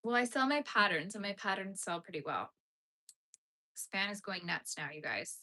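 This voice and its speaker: This young Canadian woman crochets on a livestream and chats loosely with viewers, peppering her rambling with "like". Her mid-range voice is pushed and bright, with lively intonation and a moderate pace.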